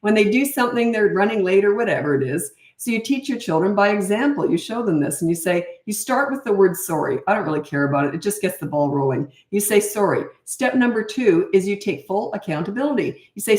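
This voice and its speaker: A middle-aged woman coach talking through parenting questions in a chatty, lively way. Her voice sits at an ordinary middle pitch, and the room around her gives it a noticeable echo. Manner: chatty and animated, quick asides, reads questions aloud. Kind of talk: casual Q&A talk. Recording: roomy echo.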